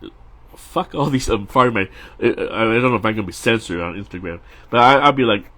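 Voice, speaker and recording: A man's voice: lowish voice, fairly quick, bright, forceful tone. A middle-aged man, a storyboard artist, chatting casually and rambling while he draws on a live stream, with frequent restarts and laughs.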